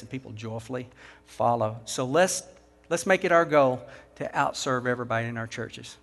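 A man's voice: mid-range voice, moderate pace, a bit bright. A man with a Texan accent preaching a sermon to church leaders, driving his points home with rhetorical questions. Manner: emphatic, rhetorical questions to the audience. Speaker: pastor. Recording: long hall reverb.

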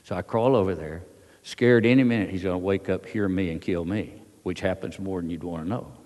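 Speaking to an audience in a big hall, an elderly veteran recounts a wartime story in a very deep, darkish voice with a drawl. He halts often in a folksy way, using many fillers, while the room's long echo trails each word.

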